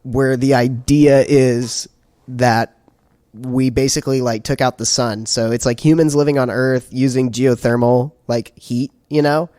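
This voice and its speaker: A young man chatting casually with a friend, telling a rambling, easygoing story in a mid-range voice. His sentences tend to drift off and get quieter at the ends. The sound is dry and close, with no room around it. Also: mid-range voice, fairly even intonation, a little slow, dry recording. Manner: rambling, laid-back storytelling, trailing off quietly. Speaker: podcast co-host. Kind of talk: casual chat.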